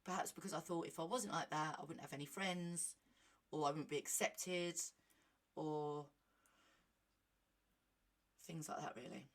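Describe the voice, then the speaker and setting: A woman in casual vlog chat, reading a medicine leaflet aloud with animated, self-mocking asides. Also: low-pitched, a little slow, long pauses. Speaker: vlogger.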